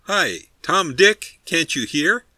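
A man reading aloud, voicing an exasperated man in a boat shouting at his friends on the bank to stop. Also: fairly high pitch, big pitch swings, slow, dry recording, pitched above the performer's own voice, full character voice.

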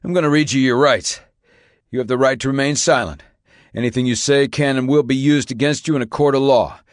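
A man voicing a male federal agent in an audiobook, reading out an arrest warning briskly and by rote. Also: medium pitch, no echo, clean studio sound, voice pushed up, natural voice.

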